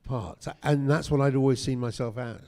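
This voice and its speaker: A man's voice: mid-range voice, fairly quick, warm tone. An older man, a guest actor, telling chatty anecdotes at a convention panel interview, with frequent restarts. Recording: echoey hall.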